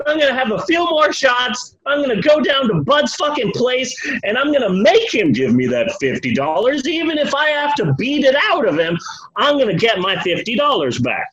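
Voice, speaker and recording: A man voicing a drunk, angry man ranting at a bar, profane and getting louder. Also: extremely high pitch, sing-song, normal speed, lo-fi sound, a little hiss or hum, pitched above the performer's own voice, heavily acted. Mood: drunk, furious. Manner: slurring profane rant, rising to shouts.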